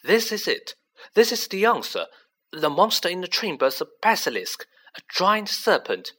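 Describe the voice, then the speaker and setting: A man reading aloud, voicing an excited young male student who reasons urgently and eagerly. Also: medium pitch, moderate pace. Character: excited boy wizard, quick-thinking young male student.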